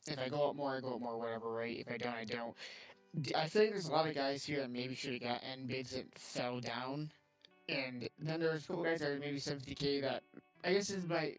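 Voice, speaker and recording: A man asks a long, meandering question on a stream, hesitant and full of filler words. His voice is mid-pitched. Faint music sits in the background. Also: fairly bright tone. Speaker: guest player.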